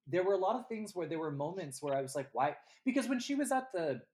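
A podcast co-host in casual movie review chat, animated and acting out scenes from the film. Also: mid-range voice, quick pace. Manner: animated, acts out scenes in quoted voices.

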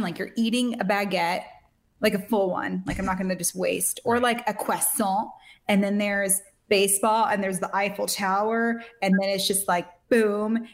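A woman hosting a sports podcast in casual back-and-forth chat. She sounds bubbly and playful, tossing in quick asides as she talks. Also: medium pitch. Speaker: podcast host.

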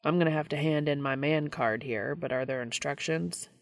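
A woman's voice: low-pitched, normal speed, dry recording, clean studio sound. A woman reading aloud, voicing a plainspoken man who talks in a casual, wisecracking way.

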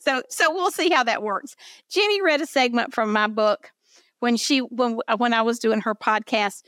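A woman's voice: on the high side, normal speed, fairly bright tone, dry recording, studio quality. An older woman with a Southern accent hosting a podcast interview, chatty and effusive. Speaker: podcast host. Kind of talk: casual interview chat.

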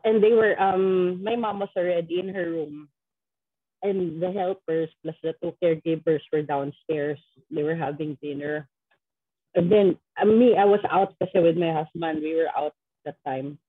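Middle-aged Filipino woman, low husky voice, dry tinny phone-quality sound, chatty storyteller who acts out quotes. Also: moderate pace, no echo. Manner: switches between English and Tagalog, acts out quoted voices. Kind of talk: casual chat, telling a ghost story.

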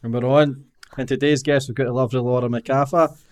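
A man's voice: mid-range voice, steady tone, fairly quick, darkish tone. Male podcast host, hesitant delivery, lots of ums and uhs. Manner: hesitant, many fillers. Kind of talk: interview hosting.

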